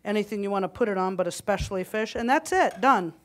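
A medium-pitched woman talks fast as she leads a live cooking demonstration at a conference. Joking and chatting with the audience on the kitchen stage of the hall, she sounds slightly out of breath.

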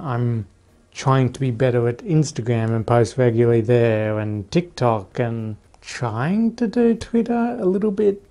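A man chatting casually in a vlog from a small room at home, rambling in a relaxed way with fillers. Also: mid-range voice, creaky. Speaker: YouTuber.

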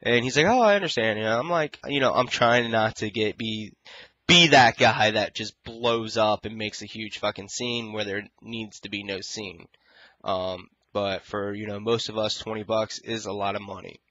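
A man's voice: fairly low pitch, fairly even intonation, normal speed, pushed and bright, dull audio. A young man vlogging casually about a customer service hassle, rambling and frustrated, acting out both sides of the calls. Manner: frustrated, rambling, quotes others in exaggerated voices. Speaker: gaming YouTuber. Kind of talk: casual ranting vlog.

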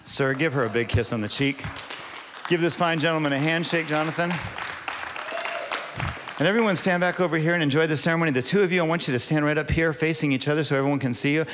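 A man's voice: fairly high pitch, fast, slight background noise, close to an everyday voice. A man putting on an impersonation of a famous singer as a showy wedding officiant in a Las Vegas chapel, hyping the crowd with emcee patter. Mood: ceremonial. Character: impersonator of a famous singer, swaggering showman crooner. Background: loud rock and roll backing music.

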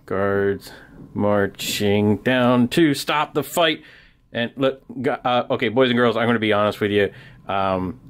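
Animated man telling a children's Bible story. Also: lowish voice. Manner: animated storyteller, acts out soldiers and crowd. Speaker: children's ministry teacher.

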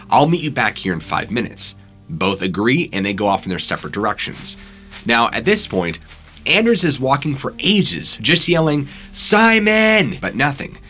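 A man narrates eerie stories from the wilderness with a bright, forward edge to his voice. His pitch swings widely as he tells it casually, climbing and getting louder when the tension builds. Faint music plays underneath. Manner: conversational storyteller, rising in pitch and volume at tense moments. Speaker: narrator and channel host. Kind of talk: retelling scary stories from the woods.

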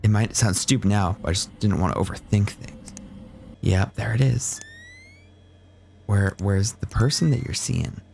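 A man's voice: fairly low pitch, unhurried, creaky, pauses often, a little mellow, a little hiss or hum. A young man giving casual, profane commentary while playing a horror game, now and then dropping to a whisper. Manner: joking, swears a lot, drops into whispers. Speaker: gaming streamer. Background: game music.

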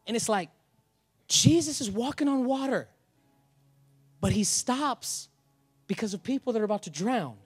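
A male pastor preaching a sermon in a casual, energetic way, with humor and slang. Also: extremely high pitch, moderate pace, pauses often, breathy edge, soft background music.

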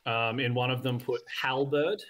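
A man's voice: medium pitch, fairly even intonation, a bit bright, slight background noise. A man running a tabletop game as game master, narrating casually with lots of fillers. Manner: casual, filler-heavy, quick bursts.

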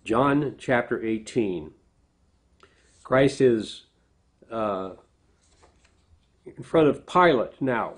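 Earnest middle-aged man preaching. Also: mid-range voice. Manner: earnest, self-correcting, animated when quoting. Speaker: pastor. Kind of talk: sermon.

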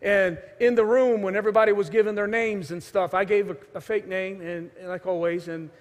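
Brief: high-pitched male pastor, storytelling sermon, swings from loud to hushed, long hall reverb. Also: fairly even intonation, fairly quick. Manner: storytelling, acts out quoted voices, shifts from loud to hushed. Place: church sanctuary.

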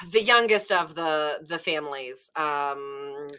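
Chatty Southern woman with a bright voice. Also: low voice, slow pace, clean tone. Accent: Southern American. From Nashville, Tennessee, USA. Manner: rambling, animated retelling with many fillers. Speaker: book club host. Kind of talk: casual chat.

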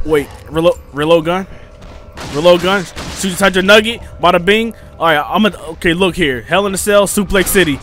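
A young man doing casual let's play commentary, joking to himself and yelping and shouting when enemies attack. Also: a little high, brisk, soft background music. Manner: jokey, excitable, yelps and shouts when attacked. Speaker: gaming YouTuber.

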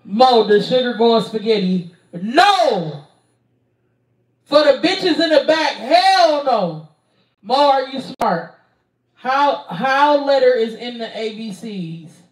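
A woman's voice: a little high, expressive, slow. A young woman streamer answering viewer questions in a casual, blunt, profane way, stalling with lots of ums. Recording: roomy sound, distant from mic.

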